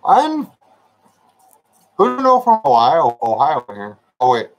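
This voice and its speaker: A man's voice: on the high side, wildly swooping pitch, unhurried, highs cut off. A man hosting a livestream, chatting casually with viewers and joking around with them. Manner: laid-back, joking, chatting to viewers by name. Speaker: livestream host.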